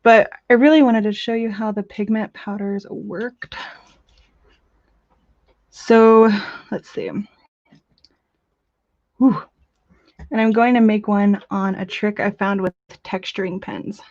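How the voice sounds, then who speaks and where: A woman hosting a casual crafting livestream, chatting in a bubbly way with quick gushing asides while she demonstrates. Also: mid-range voice, fairly even intonation, darkish tone, dry recording, muffled recording. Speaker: crafting channel host. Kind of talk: casual live-stream chat with demos.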